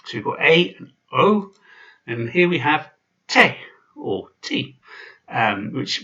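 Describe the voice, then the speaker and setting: A man's voice: medium pitch, gravelly, sharp tone, distant mic, lo-fi sound. A man giving an informal video lesson, chatty and full of fillers and restarts. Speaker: language teacher.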